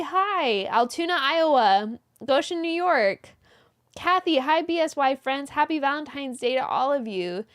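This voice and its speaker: High-voiced woman hosting a live stream. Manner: greets viewers by name, reads messages aloud, brief laughs. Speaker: host of a live yarn-shop stream. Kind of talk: live-stream chat, reading viewer comments. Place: indoors, small closet.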